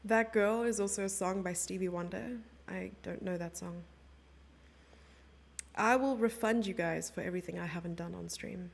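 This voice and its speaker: Chatty woman streamer, gravelly. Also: lowish voice, moderate pace. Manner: chatty, playful, reads out and answers chat. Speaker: chess commentator and streamer. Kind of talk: live stream commentary, chatting with viewers.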